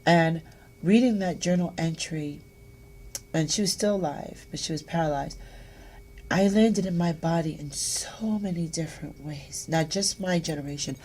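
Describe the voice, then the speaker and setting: Husky, animated woman talk host. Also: sits low, normal speed. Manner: animated, acts out quoted voices. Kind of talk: personal storytelling chat.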